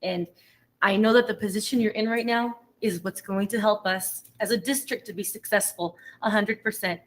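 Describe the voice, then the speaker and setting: Female board member, mid pitch, sincere and emotional. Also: fairly even intonation, normal speed. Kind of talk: heartfelt meeting remarks.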